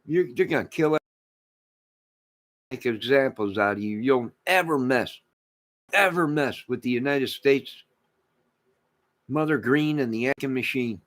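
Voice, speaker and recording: A man hosting his own channel, delivering a rambling rant to camera, emphatic and repetitive, swinging between loud declarations and muttered asides. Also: medium pitch, measured pace, long pauses. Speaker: channel host.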